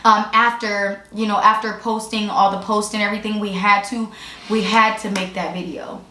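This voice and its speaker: A mother co-hosting a family vlog, telling the story in an excitable, animated way. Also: medium pitch, moderate pace, slight background noise. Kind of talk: casual chat. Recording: echoey room.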